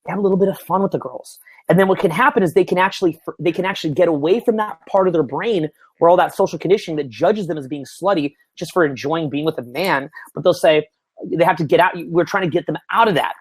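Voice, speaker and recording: Animated, swearing man in his thirties. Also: on the high side, quick pace, husky, no room sound. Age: 30s. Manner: loose, animated, swears freely, laughs often. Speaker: dating coach. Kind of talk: casual coaching talk to camera. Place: small indoor room, seated.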